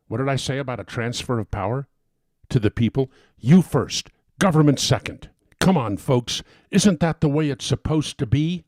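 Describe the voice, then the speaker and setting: A man's voice: medium pitch, moderate pace, darkish tone, no echo, clean studio sound. A man hosting a talk show, delivering an impassioned monologue that keeps building into emphatic bursts. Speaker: talk radio host. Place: home studio.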